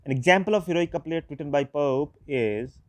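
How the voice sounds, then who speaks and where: A man, an English lecturer, giving a recorded lecture, explaining slowly and repeating key terms. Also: fairly high pitch, dry recording.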